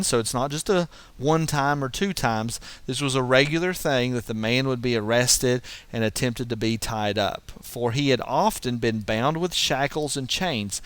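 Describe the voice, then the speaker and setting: A man's voice: medium pitch, fairly bright tone, clean tone, no room sound. A man giving a verse-by-verse Bible teaching, explaining as he goes and often restarting his sentences. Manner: explanatory, thinking aloud with frequent restarts.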